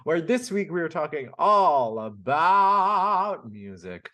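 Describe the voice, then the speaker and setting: A man's voice: a little high, sing-song, slow pace, bright, forceful tone. A man co-hosting a podcast in casual chat, playful and teasing. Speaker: podcast co-host.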